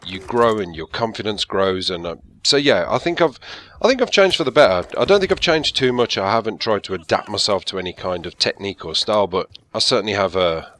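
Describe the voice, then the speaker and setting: Brummie guy rambling thru a q and a on a headset mic, low voice, chuckles easy. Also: sharp tone. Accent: Birmingham (Brummie). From England. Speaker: YouTube gaming commentator. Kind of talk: casual Q&A chat. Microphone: gaming headset.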